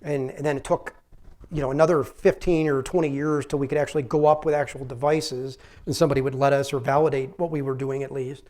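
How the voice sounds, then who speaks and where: A man's voice: medium pitch, fairly even intonation, fast, darkish tone. A middle-aged male physician giving an informal public lecture in a conversational, rambling way, with frequent restarts. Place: public library talk.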